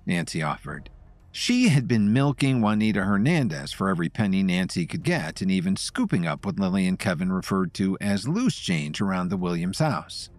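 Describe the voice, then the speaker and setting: Lively, low-voiced male storyteller. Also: dry recording. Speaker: narrator. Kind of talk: scripted story narration.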